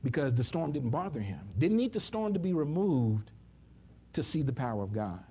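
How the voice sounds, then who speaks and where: Animated male preacher, husky voice. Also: moderate pace. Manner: animated, swings between loud high bursts and hushed asides. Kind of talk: sermon.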